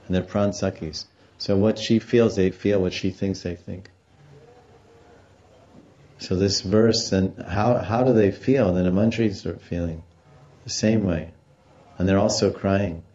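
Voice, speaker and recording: Mellow-voiced man giving a storytelling lecture. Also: low voice, steady tone, a little slow, long pauses, lo-fi sound. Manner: storytelling, explaining Sanskrit terms, acts out quotes. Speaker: religious teacher. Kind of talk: devotional scripture lecture.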